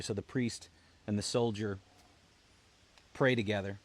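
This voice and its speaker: A man, a military veteran, telling a personal story in an earnest, halting way, often repeating words as he restarts. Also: fairly low pitch, steady tone. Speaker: military veteran, founder of a veterans' support group.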